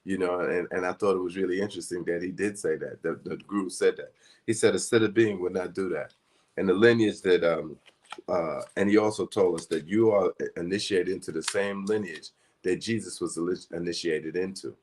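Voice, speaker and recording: A man's voice: low voice, steady tone, brisk, a little mellow. A man giving a casual spiritual teaching talk, speaking earnestly in a rambling, conversational way.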